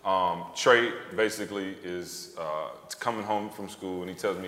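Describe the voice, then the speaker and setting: A man in his thirties tells a story to a live audience, jumping into the quoted voices as he goes. His voice sits low. The hall around him rings with a long, roomy echo. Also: normal speed. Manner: animated storyteller, acts out quotes. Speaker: author and podcast co-host. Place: stage before a live audience.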